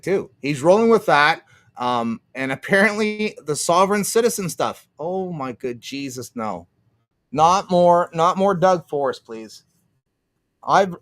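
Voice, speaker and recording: A male streamer rants in a loose, profane and sarcastic way, laughing often and reading out his chat. His voice sits a little high and swings widely in pitch as he talks. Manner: reads out and answers chat. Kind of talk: ranting livestream commentary.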